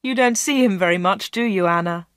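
A woman voicing a secretive, smooth-talking male shopkeeper in a storybook reading, persuasive and insistent. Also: mid-range voice, fairly quick, fairly bright tone, no echo, studio quality, close to an everyday voice. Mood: coaxing.

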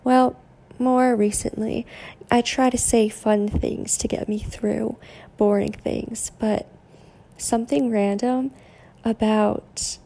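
A young woman hosting a podcast, giving a casual motivational monologue in a deadpan, monotone way. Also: a little high, takes it slowly, gravelly. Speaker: podcast host.

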